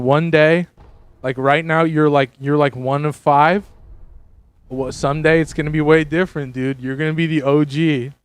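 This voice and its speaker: A man livestreaming a game and chatting casually with his viewers, rambling with many restarts and sudden excited jumps in pitch. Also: smooth. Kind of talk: casual livestream chat with viewers while gaming.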